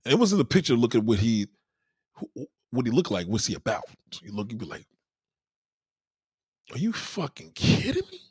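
Speaking fast in a lowish, slightly rough voice, this host chats casually and tells profane stories. He's animated, putting on mock voices for quoted people, and the studio-quality audio has no echo.

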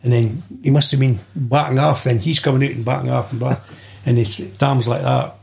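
A man's voice: medium pitch, steady tone, a little fast, creaky, a little mellow. An older man with a Scottish accent, a podcast guest telling rambling stories and swearing freely. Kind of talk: anecdotal storytelling.

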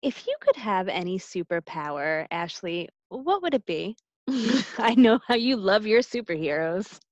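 A woman co-hosts a casual chat, earnest and encouraging in tone. Her voice sits at a middle pitch. It is recorded close and dry, with no room sound. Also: big pitch swings, unhurried, no room sound, highs cut off. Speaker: podcast co-host.

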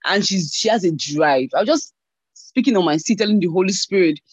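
A woman giving a church testimony over an online call, telling her story in an animated way and acting out the voices she quotes. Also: lowish voice, brisk, breathy edge, no echo. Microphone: online call mic. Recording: dull lo-fi online call audio.

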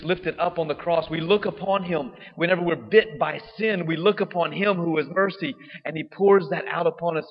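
A man's voice: a little high, husky. A man preaching a sermon in a church, in a conversational way, often checking in with "right?". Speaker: priest. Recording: dull echoey church recording.

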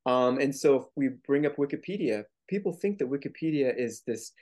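A man's voice: medium pitch, expressive, fairly quick, a little mellow. A man speaking as a guest author in a casual interview, explaining his points earnestly with frequent restarts.

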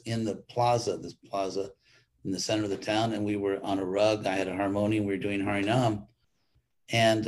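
Husky older man giving a talk. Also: on the low side, a little mellow. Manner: conversational, rambling, with frequent restarts. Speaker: monk teaching a weekly class. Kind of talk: informal spoken class.

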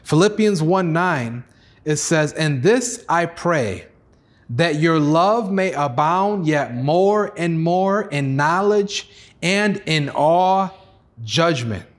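Man, pastor, earnest sermon, slightly higher voice, lively acted-out quotes. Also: slow. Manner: earnest preaching, acts out God's pleading voice, rises high for excited lines.

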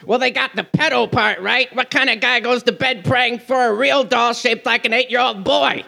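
A man's voice: very high voice, steady tone, normal speed, gravelly, pushed and bright, pitched above the performer's own voice, full character voice. A man doing a snarky wisecracking parrot. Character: wisecracking sidekick parrot, male.

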